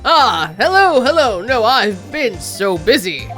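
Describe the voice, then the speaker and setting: A woman's voice: fairly high pitch, big pitch swings, slow, a bit bright, full character voice. Woman reading a fussy old flustered judge. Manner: formal, hesitant, stammering. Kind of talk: reading game dialogue aloud. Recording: faint game music behind.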